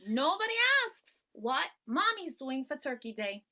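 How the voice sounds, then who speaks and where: A woman's voice: high-pitched, sing-song, unhurried, pushed and bright, full character voice. An actress playing a sardonic mother with secret holiday plans in a stage play. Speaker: stage actor.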